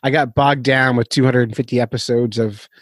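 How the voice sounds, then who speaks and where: A man's voice: mid-range voice, fairly even intonation, a little fast, dry recording. A man hosting a fishing podcast in a casual, rambling, self-deprecating way, laughing often. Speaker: podcast host.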